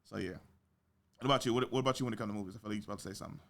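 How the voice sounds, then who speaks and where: Talking very fast in a creaky voice, this male podcast host spins stories in loose, profane, slang-heavy conversation. He animates his tales by acting out quotes with dramatic pitch leaps.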